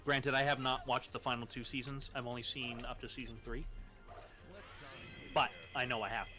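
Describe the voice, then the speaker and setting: A man's voice: medium pitch, flat delivery, normal speed, bright, forceful tone, soft background music. A young man co-hosting a casual gaming stream chat, talking eagerly and swearing freely. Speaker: co-host.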